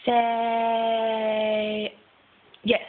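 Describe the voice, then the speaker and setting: A woman's voice: fairly high pitch, monotone, drawn-out words. A woman, a mother, playfully and patiently coaxing her toddler to say words, recorded on a phone. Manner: playful, patient, laughing often. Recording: thin phone-like audio.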